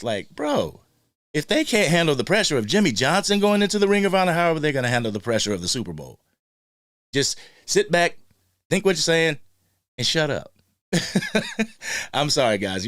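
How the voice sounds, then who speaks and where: A man's voice: medium pitch, no room sound, clean studio sound. A man hosting a casual live fan stream, greeting viewers in the chat by name. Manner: animated, shouts out viewers in the chat. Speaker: host of a live fan show.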